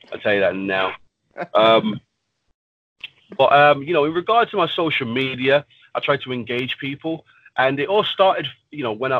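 A man's voice: mid-range voice, no echo. Blunt fighter man, lo-fi radio sound. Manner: blunt, swears freely. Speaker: pro fighter guest. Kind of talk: casual interview talk.

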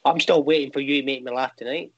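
A man's voice: mid-range voice, steady tone, fast, no echo, lo-fi sound. A man from Scotland co-hosting a podcast, teasing and heckling the guest with cheeky jokes. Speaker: podcast co-host. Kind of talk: casual podcast banter.

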